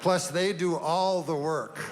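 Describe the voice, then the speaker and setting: A man doing a stand-up routine, deadpan and rambling, with long meandering setups and offhand asides. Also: on the high side, slow, noisy background. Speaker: stand-up comedian. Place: comedy stage before a live audience. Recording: live room reverb, faint ambience.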